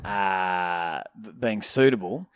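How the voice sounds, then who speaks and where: A man's voice: low-pitched, takes it slowly, smooth, no echo. A man, a comedian, chiming in with wry, swearing remarks in casual banter. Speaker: comedian, co-host.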